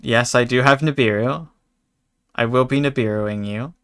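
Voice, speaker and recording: A male streamer commentates a card game in a loose, chatty way, reacting to chat with jokes and put-on fury. His voice is bright and forceful, sitting at an ordinary middle pitch. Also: moderate pace, clear, resonant tone. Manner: chatty, joking, mock-angry asides to chat. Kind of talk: casual gaming commentary.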